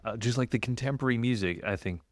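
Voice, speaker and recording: A man's voice: mid-range voice, fast talker, no echo. A man co-hosting a podcast in casual chat, laid-back and a bit hesitant.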